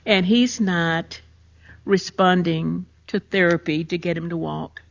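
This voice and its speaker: A woman's voice: fairly low pitch, steady tone, slow pace, gravelly. An older woman, hosting a podcast and emphatically telling a personal story of grief. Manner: emotional, emphatic retelling. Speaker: podcast host. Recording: muffled lo-fi recording.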